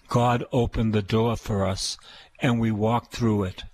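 A man's voice: on the low side, steady tone, measured pace, darkish tone, dry recording. An older man with a Boston accent, preaching a radio sermon in an emphatic, repetitive style. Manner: repetitive, emphatic preaching with call-and-response praise.

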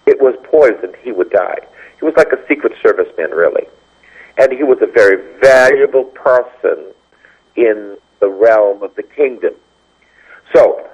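Gravelly-voiced priest teaching on radio. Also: male voice, mid-range voice. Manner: animated storytelling, acts out quoted dialogue. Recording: dull lo-fi radio sound.

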